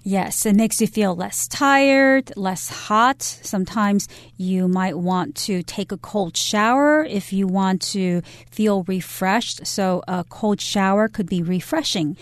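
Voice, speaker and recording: A woman co-hosts a radio English lesson and defines words clearly. Her voice sits at a middle pitch. The recording is dry and close. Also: takes it slowly, few pauses, no room sound. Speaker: English teacher co-host.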